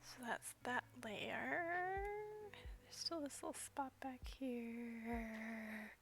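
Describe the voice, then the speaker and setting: A woman streaming while she sculpts doll hair, talking quietly and often half-whispering as she thinks aloud at home at night. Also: on the high side, extremely slow. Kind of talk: quiet casual stream commentary.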